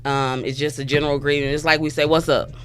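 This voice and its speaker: A woman's voice: low voice, level tone, quick pace, crowd noise. A woman from Florida with a Southern American accent, co-hosting a casual talk show and explaining words step by step, spelling them out like a teacher. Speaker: co-host.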